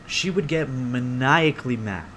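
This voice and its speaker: Rambling profane young podcast host. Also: male voice, medium pitch, unhurried, a little hiss or hum. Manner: rambling, profane, animated storytelling. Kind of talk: casual solo podcast rant. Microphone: close podcast mic.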